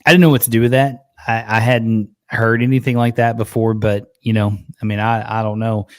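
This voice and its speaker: A man's voice: fairly low pitch, level tone, brisk, dry recording, studio quality. A man hosting a live show, talking in a laid-back casual way. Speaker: host.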